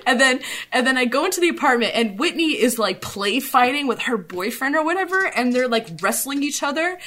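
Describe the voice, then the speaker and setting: A young woman with a voice pitched a touch high tells a long, meandering story, peppered with "like" and swearing. She giggles through it in an easy, casual chat. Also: expressive, brisk, fairly bright tone. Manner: rambling, profane, giggly, lots of "like". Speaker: podcast co-host.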